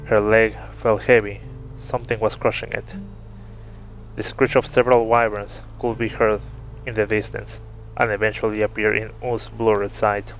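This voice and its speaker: A man reading a fantasy story aloud in a steady narrating voice, in a muffled recording. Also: fairly low pitch, moderate pace, slight background noise. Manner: steady narration, laughs between chapters. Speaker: story reader. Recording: muffled with faint music.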